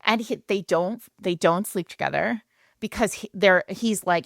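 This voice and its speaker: A woman co-hosting a book podcast, excitedly retelling a romance novel in casual chat with lots of filler words. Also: medium pitch, normal speed, vocal fry, no echo, clean studio sound. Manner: animated storytelling, many filler likes. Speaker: podcast co-host.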